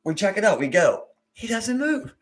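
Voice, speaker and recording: A man's voice: high voice, very animated, moderate pace, a little hiss or hum. A man with a Baltimore accent, co-hosting a podcast, telling a story in loose casual chat, acting out his friends' lines and laughing often. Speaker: podcast co-host.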